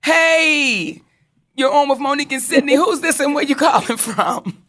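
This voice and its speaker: A woman's voice: sits high, normal speed. A woman hosting a call-in radio show, casual and affectionate with callers. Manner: warm, affectionate, calls caller baby.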